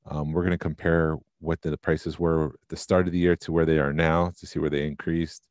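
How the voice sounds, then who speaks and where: A man co-hosting a collectibles podcast in casual chat, tired and halting with many ums. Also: very deep voice, level tone, darkish tone, no echo, studio quality. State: sleepy. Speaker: podcast co-host.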